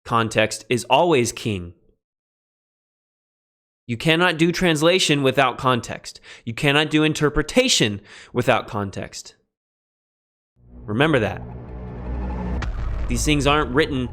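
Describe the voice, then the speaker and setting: A man teaching a beginning Greek lesson on a livestream, relaxed and self-deprecating, spelling words out letter by letter. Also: medium pitch, unhurried, pauses often. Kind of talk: livestreamed lecture.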